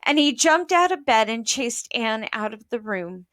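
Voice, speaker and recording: A woman with a fairly high voice reads a children's storybook aloud at a very unhurried pace. She takes her time over each line, explaining unfamiliar words for young listeners, and the sound is dry and close with little room echo. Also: very animated, fairly bright tone. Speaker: children's book reader. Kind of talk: reading a children's book aloud.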